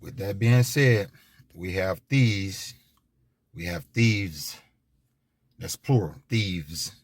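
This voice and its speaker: A man's voice: low-pitched, very slow, no room sound. Rambling man with emphatic restarts. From United States. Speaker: commentator. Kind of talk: unscripted monologue.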